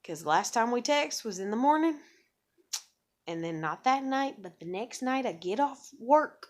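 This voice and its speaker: A woman's voice: fairly high pitch, expressive, measured pace. A young adult woman venting in a rambling, profane monologue, full of "like" and "you know", sarcastic and self-mocking. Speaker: vlogger.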